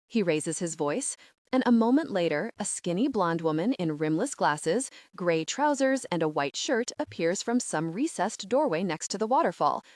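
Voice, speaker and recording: Woman, audiobook narrator, animated pitch, expressive, dry close recording. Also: normal speed, no echo. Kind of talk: first-person audiobook narration.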